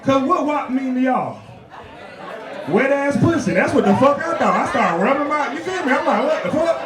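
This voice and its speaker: A male stand-up comedian performing a loud, animated, profane set and often laughing at his own jokes. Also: extremely high pitch, normal speed, distant mic. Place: comedy club stage with a live audience. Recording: echoey club recorded from afar, loud crowd.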